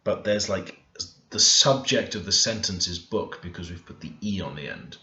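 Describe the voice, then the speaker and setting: A man's voice: sits low, animated, normal speed, pushed and bright. A man working through a grammar lesson over a screen recording, thinking aloud and stressing the words in his example sentences. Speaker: language learner teaching. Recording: echoey room, dull lo-fi sound.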